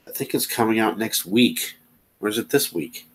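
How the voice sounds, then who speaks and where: A man's voice: lowish voice, low-quality recording. A man hosting his own channel, talking casually and impatiently while he browses and plays videos. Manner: rambling, impatient with slow computer. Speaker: channel host.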